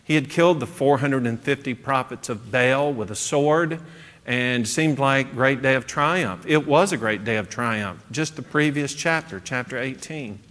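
A man's voice: medium pitch, measured pace, fairly bright tone. A man teaching a midweek Bible class, conversational, chuckling and asking the class questions, in a church classroom. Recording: echoey hall.

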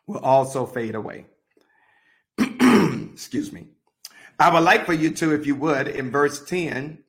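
A man teaching a Bible study, reading verses aloud and pausing to give deliberate, repeated marking instructions. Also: medium pitch, fairly bright tone. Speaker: pastor.

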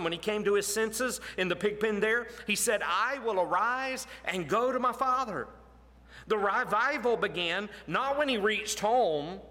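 A man preaching a sermon in an earnest, deliberate way, sinking to a low, soft voice for emphasis. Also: big-room sound.

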